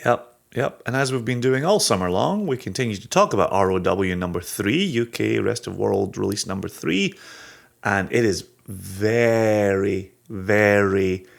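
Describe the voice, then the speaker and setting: A man's voice: lowish voice, sing-song, vocal fry. A man co-hosting a casual podcast, dry and joking, drawing words out for emphasis. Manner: wry, joking, drawn-out emphasis. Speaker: podcast co-host.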